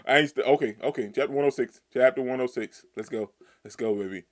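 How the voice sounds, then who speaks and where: A man reading a manga aloud and reacting in excited, slangy outbursts. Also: medium pitch, fast.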